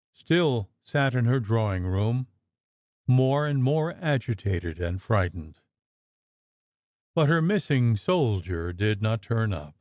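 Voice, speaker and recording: A man narrating a gothic audiobook in a measured, expressive storytelling manner. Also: on the low side, dry recording.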